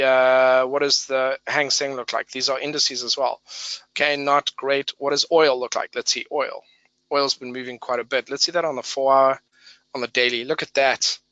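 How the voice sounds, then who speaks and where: A man's voice: medium pitch, pushed and bright, clean tone, dry recording, lo-fi sound. A man presenting a live trading webinar, talking through price charts in a conversational way, thinking aloud and repeating key words for emphasis.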